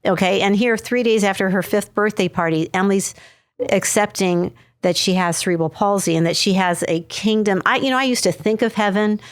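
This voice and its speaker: A woman's voice: mid-range voice, fairly quick, clean tone, no echo, clean studio sound. A middle-aged woman, a mother and podcast guest, telling a family story in a loose conversational way. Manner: conversational, many "you know" fillers. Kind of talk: personal storytelling.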